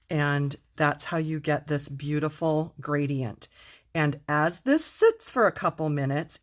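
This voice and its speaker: Talking directly to her viewers, a deep-voiced middle-aged woman demonstrates card making in a relaxed way, bubbling over with enthusiasm.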